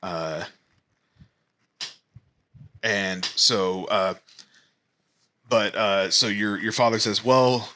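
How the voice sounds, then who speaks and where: A man narrating as game master of a tabletop game, speaking haltingly with many fillers. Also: deep voice, steady tone, sharp tone, slight background noise.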